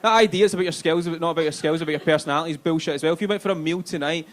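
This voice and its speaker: With a fairly high, rapid-fire voice, a stand-up from Glasgow, Scotland, performs live on a comedy club stage. His Glaswegian accent carries a chatty, sweary set in which he keeps checking in with the audience.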